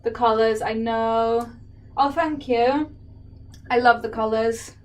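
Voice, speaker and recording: A woman's voice: on the high side, fairly even intonation, takes it slowly, darkish tone. A woman from England with a Welsh-tinged accent, chatting casually and laughing often as she paints and answers viewers. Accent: Welsh-tinged English. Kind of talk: casual chat while painting.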